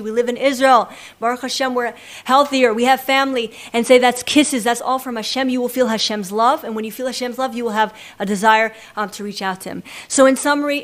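A woman giving a religious class in a classroom. She is an expressive storyteller who acts out quoted lines. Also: on the high side. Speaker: Torah teacher.

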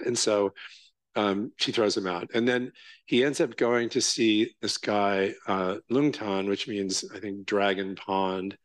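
A man's voice: fairly low pitch, steady tone, a little slow, dry recording. A male Zen teacher giving a conversational dharma talk with many fillers, restarts and a frequent "right?".

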